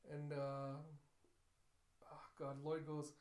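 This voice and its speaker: A man's voice: on the high side, little pitch movement, unhurried, a little mellow. A young man giving a casual, chatty recap of an anime episode as a reviewer, retelling scenes line by line. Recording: roomy echo.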